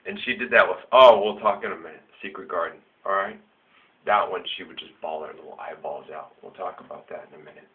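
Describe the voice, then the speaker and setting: A man's voice: low-pitched, fairly quick. A man hosting a show, talking in a rambling, jokey way and laughing often. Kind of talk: casual monologue. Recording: tinny phone-like sound.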